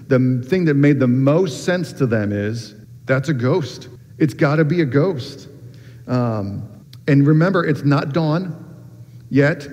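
A man preaching in a loose, conversational style at a middle pitch, his speech full of ums and restarted phrases. The sound is dull and muffled, and his voice rings with the long reverb of a large hall. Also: darkish tone. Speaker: pastor. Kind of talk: sermon.

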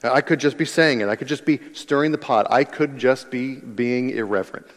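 Man, pastor, earnest sermon, repeats phrases for emphasis, mid pitch, long hall echo. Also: moderate pace.

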